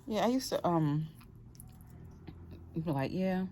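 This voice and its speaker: A woman's voice: lowish voice, moderate pace, slight background noise. A woman in her forties with a Boston accent, talking openly to camera in a casual vlog and swearing freely. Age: 40s. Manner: blunt, swears freely, lively. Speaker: vlogger.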